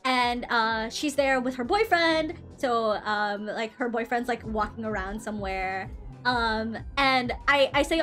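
High-voiced woman telling a rambling story. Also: moderate pace, a bit bright, faint music behind. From Philippines. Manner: rambling, swearing, lots of fillers and self-corrections. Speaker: VTuber streamer. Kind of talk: casual storytelling.

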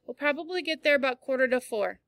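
Woman reading a fussy worried mom, kinda high and bright, says sorry a lot, dry close mic. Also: expressive, fast, no echo. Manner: anxious, apologetic. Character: worried mother of a teenage girl.

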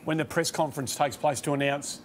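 An Australian man hosting a casual panel chat, relaxed and easygoing, dropping in short agreements. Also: a little high, brisk, a little hiss or hum. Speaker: host.

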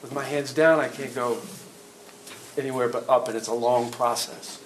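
A middle-aged man teaching a self-defense workshop, plain and practical, asking the class quick questions. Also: medium pitch, fairly even intonation. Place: event hall. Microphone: distant room mic. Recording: echoey hall from far off, faint noise.

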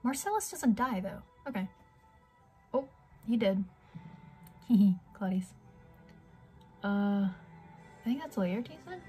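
A woman's voice: mid-range voice, sing-song, takes it slowly, long pauses, mellow, breathy edge, faint music behind. A woman playing a video game, reading its text aloud with drama and breaking off with surprised exclamations. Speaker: gamer.

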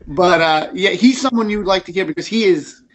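A man with a high, slightly quick voice guests on a podcast, talking about his work creating comic books. His chat is casual and interview-like, rambling and enthusiastic, and he restarts his sentences often.

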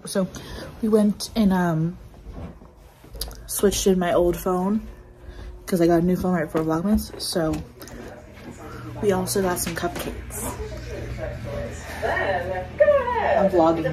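A woman's voice: lowish voice, warm tone, slight background noise, poor audio. A young woman in her twenties chatting casually in a home vlog, bubbly and rambling with lots of fillers. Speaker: vlogger. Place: at home, indoors.

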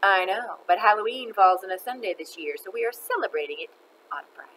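A woman's voice: medium pitch, lively intonation, fairly quick, a bit bright, slight background noise, natural voice, rough recording. A woman voicing a prim, flustered schoolteacher in a children's story.

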